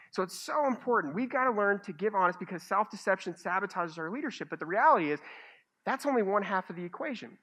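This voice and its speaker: A man preaching a sermon as a pastor, telling stories with animated, self-mocking humor. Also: high-pitched, quick pace. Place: church stage.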